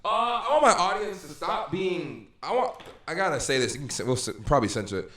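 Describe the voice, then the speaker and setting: A man hosting a casual podcast chat, rambling and animated, laughing often as he talks. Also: a little high, brisk, echoey room. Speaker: podcast host.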